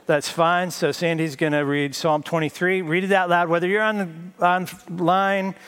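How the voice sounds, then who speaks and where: A man's voice: high voice, flat delivery, moderate pace, fairly bright tone, clear, resonant tone. A male pastor giving a conversational sermon with a self-deprecating sense of humor.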